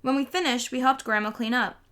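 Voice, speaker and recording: A woman reading a children's novel aloud in a lively storytelling way. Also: high voice, fairly quick, smooth. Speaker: audiobook reader.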